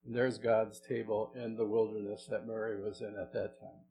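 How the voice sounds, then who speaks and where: A middle-aged man, a pastor, preaching a sermon in a conversational way, asking the congregation questions and moving between soft and loud delivery. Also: lowish voice, little pitch movement, moderate pace, background noise.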